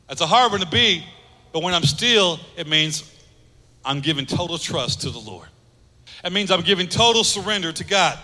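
A man pastor preaching a sermon, earnest, repeating phrases for emphasis and dropping soft on key lines. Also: on the high side, lively intonation, moderate pace, big-room sound.

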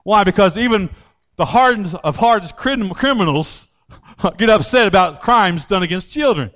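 A middle-aged male pastor preaching a sermon, swinging from loud outbursts to low quiet asides. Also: lively intonation, normal speed.

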